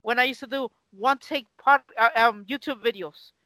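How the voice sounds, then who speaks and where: A podcast host chatting casually in an excitable, teasing way. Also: mid-range voice, normal speed, no echo, rough recording. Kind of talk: casual chat.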